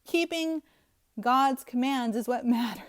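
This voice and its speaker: A woman's voice: on the high side, slow. A scornful, emphatic woman teaching scripture. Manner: scornful, emphatic, laughs at the text. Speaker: Bible teacher. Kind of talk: scriptural commentary to viewers.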